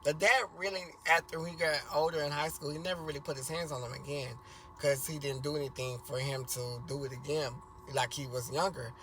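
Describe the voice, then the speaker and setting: A man's voice: a little high, fairly even intonation, brisk, fairly bright tone, slight background noise. A man casually telling a rambling family story for a vlog, repeating himself and swearing freely.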